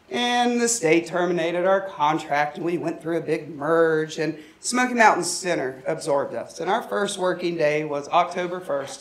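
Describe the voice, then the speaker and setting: A woman giving a conference presentation, telling a story in a humorous, anecdotal way. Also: fairly low pitch. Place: conference room.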